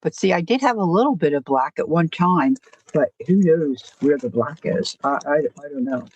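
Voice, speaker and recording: A woman's voice: sits low, lively intonation, normal speed, a little mellow, breathy edge, no echo, muffled recording. A woman hosting a casual crafting livestream, rambling and self-deprecating, often stopping to restart her sentences. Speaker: crafting channel host.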